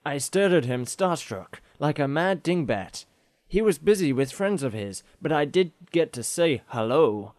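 A man putting on an American accent to voice an excited male fan, reading the letter slowly and deliberately. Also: a little high, dry recording. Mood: starstruck. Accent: American, put on.

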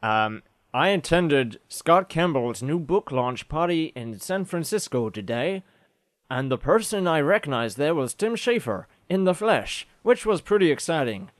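A man doing a slow American fan. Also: fairly high pitch, sing-song, dry recording, clean studio sound. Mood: starstruck. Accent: American, put on. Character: excited male fan reading his letter.

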